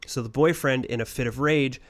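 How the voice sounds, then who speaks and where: A man's voice: mid-range voice, fairly even intonation, fairly quick. Profane man telling a rambling story. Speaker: podcast co-host. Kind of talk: casual podcast chat.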